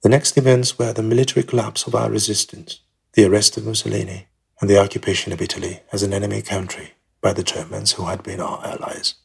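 A man reading a first-person memoir as an audiobook in a measured, plain storytelling manner. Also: on the low side, little pitch movement, vocal fry, breathy edge. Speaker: memoir narrator.

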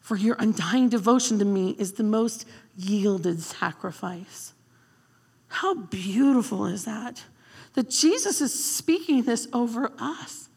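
A woman guest pastor giving an emotional, animated sermon in a church sanctuary. Her voice is husky and gravelly, pitched a little high. A long reverb trails after her words through the hall. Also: slow pace.

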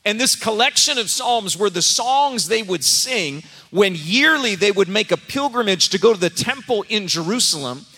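A man's voice: high-pitched, lively intonation, moderate pace, few pauses, bright, forceful tone, slightly rough. A middle-aged male pastor preaching a sermon, telling a personal story in a humorous, conversational way. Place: church sanctuary. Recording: echoey church sanctuary.

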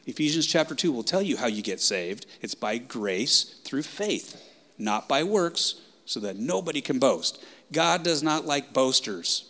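Impassioned male preacher. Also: on the high side. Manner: impassioned, swinging from loud outbursts to hushed whispers. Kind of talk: sermon.

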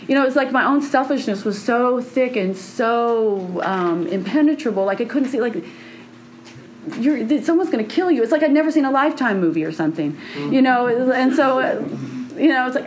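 A woman's voice: on the high side, a little fast, slight background noise, low-quality recording. A woman telling a personal story in a frank, meandering way with frequent laughter.

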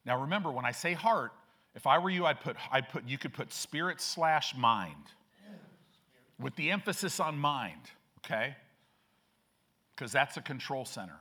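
A man's voice: mid-range voice, expressive, measured pace, pushed and bright. A man preaching a sermon as pastor, emphatic and repetitive, with frequent restarts.

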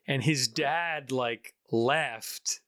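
A man's voice: medium pitch, extremely slow, sharp tone, no echo, clean studio sound. A man hosting a podcast in casual chat, rambling and correcting himself as he goes. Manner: rambling, self-correcting, chatty. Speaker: podcast host. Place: at home in Pittsburgh, remote call.

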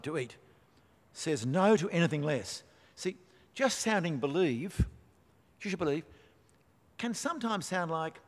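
A man preaching a sermon, emphatic, with rhetorical questions and dry asides. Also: a little high. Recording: long hall reverb.

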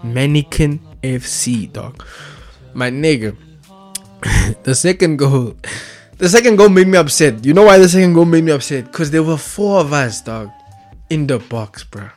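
A young man rants casually about football, excitable and slang-heavy, tagging nearly every phrase with street slang. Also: a little high, measured pace, soft background music. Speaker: vlogger.

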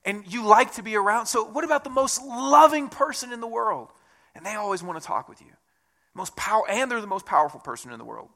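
A man preaching a conversational sermon as a church pastor, with self-deprecating asides and a relaxed, talky delivery. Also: high-pitched, a little fast.

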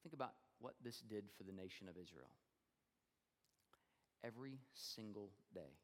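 A man's voice: on the low side, lively intonation, normal speed, long pauses, in a large hall. A man preaching a sermon in a conversational way, acting out crowd voices as he retells a story. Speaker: pastor.

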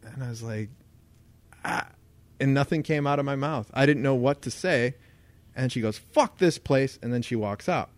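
A man co-hosts a casual podcast and tells a long anecdote, acting out each person's voice with plenty of energy. His voice sits at a middle pitch and is recorded close to the mic with no room sound at all. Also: moderate pace, pauses often, dry recording. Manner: animated storyteller acting out quoted voices. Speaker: podcast co-host. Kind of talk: casual storytelling chat.

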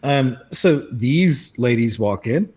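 A man's voice: medium pitch, animated, slow, a little mellow, slightly rough. A man in his thirties co-hosting a podcast, telling rambling stories in casual banter and swearing freely. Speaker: podcast co-host.

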